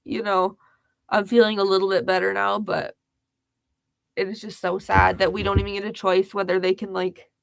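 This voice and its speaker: A woman's voice: mid-range voice, level tone, moderate pace, creaky, dry recording. A young woman hosting a casual livestream, chatty and giggly, reading viewers' comments aloud. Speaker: livestream host.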